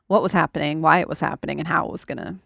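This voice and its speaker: A woman talking in a relaxed conversation over a remote call, explaining things step by step with frequent ums. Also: low voice, racing, vocal fry, no echo. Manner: methodical, explanatory, with many ums. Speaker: podcast guest. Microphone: remote call recording.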